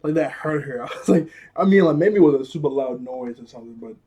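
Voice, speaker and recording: A young man with a husky, slightly breathy voice talks through a cartoon episode in a loose, rambling way. He laughs often and slips into quick impressions of the characters as he retells each scene. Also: medium pitch, lively intonation, dark tone. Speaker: video reviewer. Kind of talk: casual episode recap.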